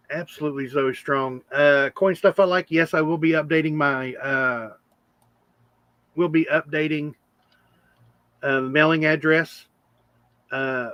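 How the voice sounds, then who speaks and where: Male livestream host, a bit high, chatty and emotional, dry close sound. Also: fairly bright tone, no room sound. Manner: chatty, openly emotional, laughing often. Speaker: coin channel host. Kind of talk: casual livestream chat.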